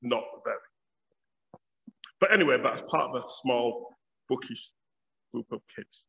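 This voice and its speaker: A man's voice: mid-range voice, measured pace, creaky, sharp tone. A man in his fifties with a Yorkshire accent, giving a public lecture as a theology professor in a wry, storytelling way. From Bradford, Yorkshire, England. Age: 50s. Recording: dull audio with long hall reverb.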